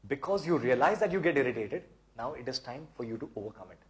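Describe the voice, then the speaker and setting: A man answers viewer questions in an easygoing advice chat. He speaks in an encouraging way and explains things at length, often repeating words as he goes. His voice sits at a middling pitch. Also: lively intonation, fast talker, slight background noise. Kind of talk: casual advice talk.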